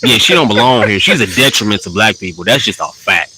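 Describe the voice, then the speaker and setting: A man in casual conversation, opinionated and animated, pushing his points with sharp emphatic rises. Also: lowish voice, fast, slight background noise, rough recording. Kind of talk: casual chat.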